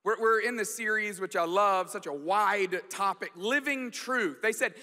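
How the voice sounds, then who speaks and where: High bright-voiced man preaching. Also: measured pace. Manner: animated, self-deprecating storytelling with restarts. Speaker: guest pastor. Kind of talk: storytelling sermon. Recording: long hall reverb.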